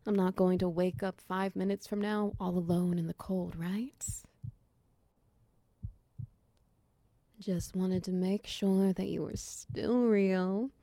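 A woman in a whispered role-play, voicing a large, doting, protective lover who coos, teases softly and slips into whispers. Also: medium pitch, steady tone, dry recording, lightly acted. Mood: cozy. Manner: slow, soft, cooing and teasing, drifting into whispers. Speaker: voice actor in audio role-play.

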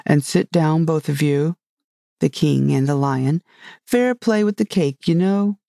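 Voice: medium pitch, measured pace, gravelly, dark tone, no room sound, clean studio sound. A narrator voicing a tired, sleepy male lion in a storybook reading, lazy and growling. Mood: weary.

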